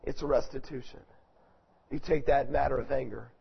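A man preaching a sermon, swinging from loud, forceful preaching to soft, hushed storytelling. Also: medium pitch, fairly even intonation, normal speed, vocal fry, slightly rough, muffled recording.

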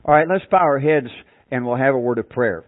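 A man preaching a sermon with a dramatic delivery, asking the congregation questions and slowing down for emphasis. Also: medium pitch, no echo. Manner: dramatic, shouts out acted cries in an illustration. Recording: tinny phone-like dry sound.

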